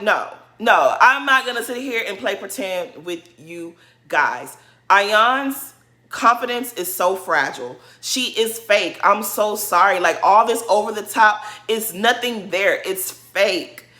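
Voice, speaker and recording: A reality TV commentary vlogger delivers a casual, indignant rant, emphatically repeating her points to drive them home and mocking the people she quotes by acting out their words. Her mid-range voice has lively intonation, a slow pace and a sharp tone.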